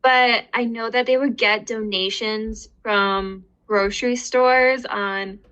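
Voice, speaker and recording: Slow-talking young woman with a bright voice. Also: on the high side, dull audio. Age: 20s. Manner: relaxed, trailing, lots of filler words. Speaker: podcast guest. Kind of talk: casual chat.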